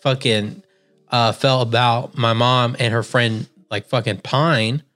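A man's voice: mid-range voice, steady tone, slow, a bit bright. Laid-back, profane young man. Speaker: podcast co-host. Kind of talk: casual chat.

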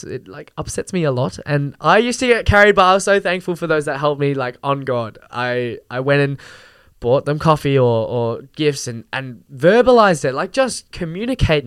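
A man's voice: fairly high pitch, clean tone, no echo. A young man hosting a podcast, ranting casually, with lots of fillers and some swearing. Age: young adult. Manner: animated, swears, frequent fillers and laughs. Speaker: podcast host. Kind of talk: casual rant.

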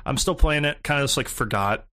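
A man's voice: medium pitch, fairly quick, bright, forceful tone. A man co-hosting a gaming podcast in casual chat, joking and laughing often. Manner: jokey, laughs often, swears.

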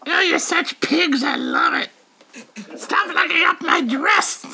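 A shrill, crude doll lady, as a man puts her on, with her voice leaping high and wailing through each line. The tone is bright and sharp, with a gravelly edge under the squeals. She teases and insults everyone in a mock-sweet, lewd way. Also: wildly swooping pitch, slow pace, exaggerated voice. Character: creepy cursed female doll, shrill and lewd. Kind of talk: comedic podcast voice bit.

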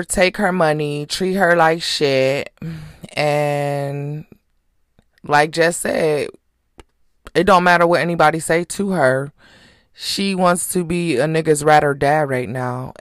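A woman's voice: deep voice, no room sound, clean studio sound. A woman hosting a podcast, giving blunt, profane casual commentary. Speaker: podcast host.

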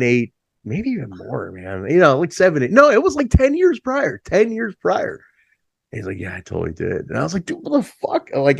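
A middle-aged man in a band, telling stories in a casual chat. He is laid-back, swears freely, says "like" a lot and jumps higher when he acts out a story. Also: vocal fry, no room sound, clean studio sound. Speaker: band musician, interview guest.

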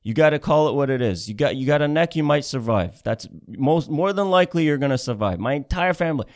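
A man's voice: a little high, lively intonation, quick pace, a little mellow. A man doing a comedic rant, sarcastic and swearing heavily, repeating himself as he builds up steam. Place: Ontario, Canada.

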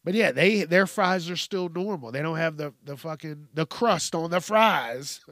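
A man's voice: fairly high pitch, lively intonation, measured pace, few pauses, a bit bright, no echo, studio quality. A man hosting a podcast, ranting casually with heavy profanity and exasperation. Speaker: podcast host. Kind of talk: casual solo rant.

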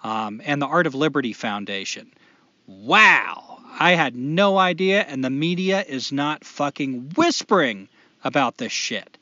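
A man co-hosting a podcast in casual chat, profane and animated, rambling through his points. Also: fairly high pitch, measured pace, no echo. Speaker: podcast co-host. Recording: dull lo-fi podcast audio.

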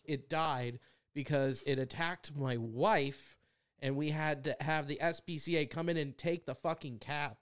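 A man with a high, smooth voice tells a story in casual podcast chat. He is a stand-up comedian, animated and profane. He acts out other people's lines as he goes.

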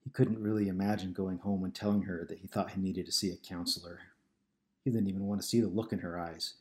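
A man reading a novel aloud in a steady, measured narration. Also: low-pitched. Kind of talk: scripted audiobook narration.

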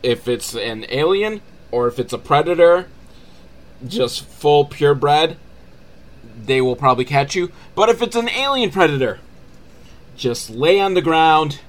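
A man recapping a low-budget movie in a sarcastic, rambling way, acting out the characters' lines. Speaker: movie riffing host.

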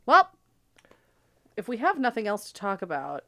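A young woman co-hosting a casual movie podcast, upbeat and quick to laugh. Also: medium pitch, wildly swooping pitch, bright, forceful tone. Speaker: podcast co-host. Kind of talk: casual chat.

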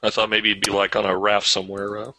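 A man co-hosting a podcast over an online voice call, playful and teasing, throwing in quick bits. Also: on the low side, completely flat delivery, sharp tone, a little hiss or hum. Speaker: podcast co-host. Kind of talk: casual comedic chat.

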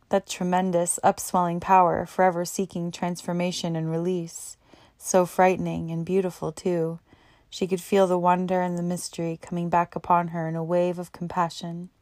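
A woman reading a novel aloud as narrator, in a steady, even way. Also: fairly low pitch, moderate pace, no room sound, studio quality. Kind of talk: audiobook narration.

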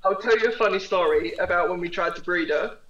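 A man's voice: high voice, fast talker, fairly bright tone. A man, a podcast guest in casual chat who states the facts plainly and keeps it moving. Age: 20s. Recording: roomy, dull lo-fi sound.

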